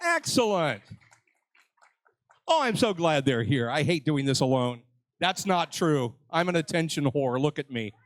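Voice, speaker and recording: A man's voice: on the high side, moderate pace, dry recording. An older man hosting a live convention panel, joking with the crowd and mocking himself. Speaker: panel host. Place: convention stage.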